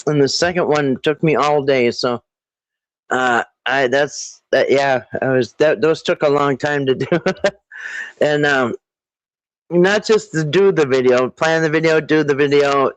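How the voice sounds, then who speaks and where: A man hosting a casual live stream, rambling with halting restarts and frequent throat clearing. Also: mid-range voice, no echo, poor audio. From Minnesota.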